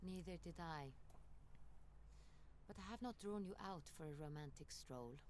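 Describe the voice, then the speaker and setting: A commanding duchess voiced by a woman speaks in formal, measured courtly sentences, her voice sitting low. She is a regal figure in a fantasy video game, with a faint wash of ambience around her. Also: a little mellow, slight background noise, close to an everyday voice.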